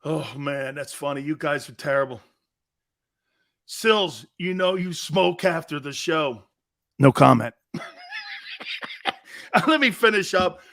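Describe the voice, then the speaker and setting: A man's voice: a little high, wildly swooping pitch, slow pace, pauses often, fairly bright tone. A man hosting a live sports talk show, boisterous and teasing, reading chat messages and laughing a lot. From Italian-American background.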